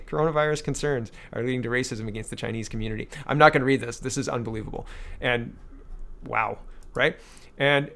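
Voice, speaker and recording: A man's voice: on the high side, a bit bright. A man in his thirties from Canada, hosting a casual solo political commentary with a blunt, exasperated and sarcastic manner.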